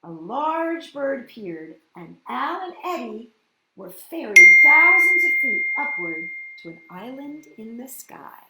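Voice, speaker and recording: A woman hosting a children's story reading, gentle and sing-song, often asking her listeners questions. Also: high-pitched, sing-song, unhurried, noisy background. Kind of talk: children's storybook read-aloud. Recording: roomy echoey room.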